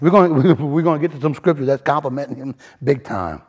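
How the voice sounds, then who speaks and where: A man teaching a sermon in a casual, animated way, often restarting phrases and building emphasis. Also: on the high side, fast talker, breathy edge. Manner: animated, repeats and restarts, rising emphasis, colloquial grammar. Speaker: preacher. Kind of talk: sermon teaching from word studies.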